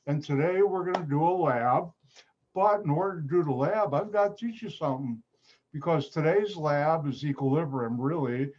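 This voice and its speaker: Over a muffled video call, a Chicago-accented chemistry instructor from Chicago, USA, teaches a live class at normal speed. His voice is on the high side and a little mellow, and he's upbeat, joking with students and making fun of himself.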